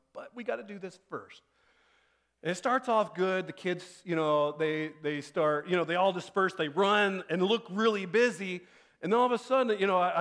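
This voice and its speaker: A man with a high voice preaching in a relaxed, chatty way. He tells a story about his family and jumps even higher when he acts out the voices in it. He sounds like a pastor in his thirties. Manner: conversational storytelling, acts out quoted lines with rising pitch. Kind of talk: sermon.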